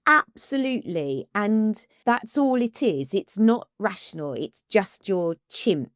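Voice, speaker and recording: A woman, an ADHD coach co-hosting a podcast, talking casually and with emotion, often halting and restarting. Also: medium pitch, animated, no room sound, studio quality.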